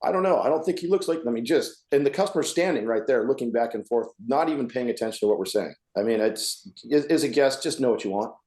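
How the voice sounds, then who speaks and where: A man's voice: mid-range voice, expressive, fast, few pauses, darkish tone. A man co-hosting a casual podcast, a working bartender telling blunt stories and acting out customers. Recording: echoey room.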